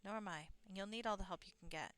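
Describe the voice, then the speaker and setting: A woman's voice: medium pitch, fast talker, a bit bright, clear, resonant tone, natural voice. A woman voicing a loyal male companion who speaks earnestly and steadily. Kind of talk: reading game dialogue aloud.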